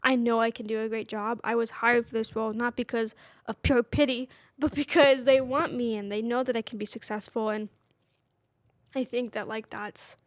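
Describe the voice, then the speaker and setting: A woman in her twenties co-hosts a podcast in casual chat. She talks in a candid, personal way and sprinkles "like" through almost every phrase. Her voice sits a little high and sounds dry and close, with no room echo. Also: fairly even intonation, normal speed. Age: 20s. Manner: candid, personal, constant "like" fillers. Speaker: podcast co-host.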